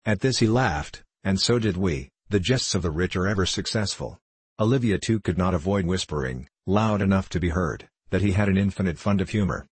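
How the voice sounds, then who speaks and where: Male narrator for a classic novel, low husky voice, dry close recording. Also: dry recording. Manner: measured, even storytelling.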